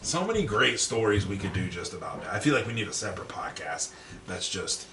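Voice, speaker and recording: A man's voice: sits low, fairly quick, far from the mic. A man co-hosting a podcast, telling stories in casual chat, profane and laughing often. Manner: animated, profane, laughs often, acts out quotes. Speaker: podcast co-host. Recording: roomy echo, a bit off-mic, faint background noise.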